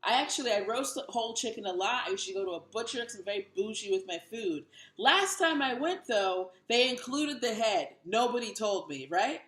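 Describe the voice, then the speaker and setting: A woman's voice: on the high side, lively intonation, fairly quick, fairly bright tone. Self-mocking woman in her thirties, roomy. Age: 30s. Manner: wry, self-mocking delivery. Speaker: stand-up comedian. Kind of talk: stand-up comedy set.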